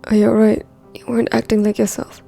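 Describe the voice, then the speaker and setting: A woman's voice: fairly high pitch, completely flat delivery, fast talker, gravelly, dark tone, soft background music. A woman reading a protective, teasing young man in a fan fiction story.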